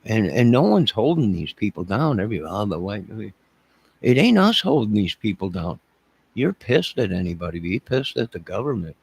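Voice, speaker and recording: A middle-aged livestream host speaks with a husky, gravelly voice. He rambles and repeats himself and talks straight to his chat. The sound is close and dry. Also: lowish voice, big pitch swings, moderate pace, a little mellow, dry recording. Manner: emotional, repetitive, speaks to chat. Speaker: channel host.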